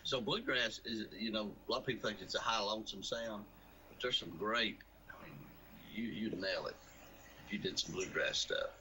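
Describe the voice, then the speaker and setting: Male TV host, low and bright, easygoing chatty, faint hiss. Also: normal speed, poor audio. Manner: easygoing, chatty, prone to restarts. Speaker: TV talk show host. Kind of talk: casual studio chat.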